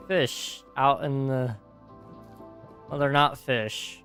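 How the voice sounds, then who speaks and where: This streamer talks extremely slowly and pauses often, his mid-range voice steady and fairly bright over soft background music. The tired young man yawns while gaming, rambling easily as he reads chat aloud and answers viewers.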